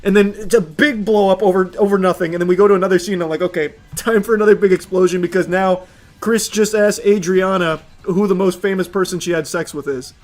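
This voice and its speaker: A man's voice: high voice, brisk, soft background music. A young adult man streaming, ranting casually with lots of swearing and frequent laughter. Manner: animated, profane, laughing often. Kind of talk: casual livestream rant.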